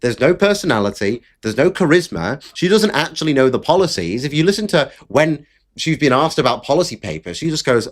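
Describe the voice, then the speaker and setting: Blunt, lively political commentator man. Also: fairly high pitch, brisk. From Britain. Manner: blunt, exasperated, sweary.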